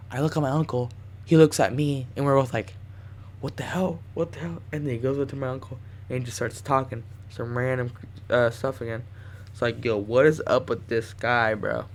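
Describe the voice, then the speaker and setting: A young man vlogging, telling a wild story in casual slang with plenty of swearing and animated bursts. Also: medium pitch.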